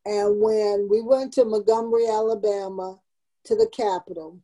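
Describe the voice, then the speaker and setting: A woman's voice: medium pitch, fairly even intonation, normal speed, mellow, rough recording. A woman in her seventies, a community founder, telling her life story in an interview with earnest, emotional emphasis. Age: 70s.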